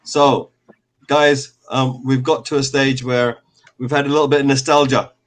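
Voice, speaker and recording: A man hosting a casual fan call-in show, relaxed and rambling, with many fillers. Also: mid-range voice, moderate pace.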